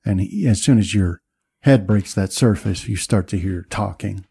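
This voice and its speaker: Dark-voiced man running a tabletop game. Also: lowish voice, creaky, husky, no room sound. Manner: halting, descriptive, many fillers. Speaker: game master.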